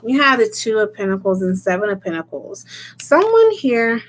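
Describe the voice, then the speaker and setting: A woman's voice: mid-range voice, big pitch swings, moderate pace, slight background noise. A woman doing a casual livestream as a tarot reader, chatting, laughing often and greeting viewers by name.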